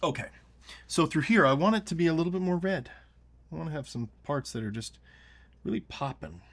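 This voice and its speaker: A man hosting a relaxed painting tutorial, talking through each brushstroke and often sinking to a near whisper as he works. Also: a little high, a little fast. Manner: soft-spoken, often dropping to a near whisper while working. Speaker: painting show host.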